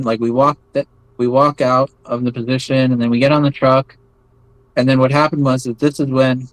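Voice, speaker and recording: An American man being interviewed in a relaxed setting recounts his experiences in a loose, wandering way, full of "like" and false starts. His voice is at an ordinary middle pitch, recorded dry and close without any room echo.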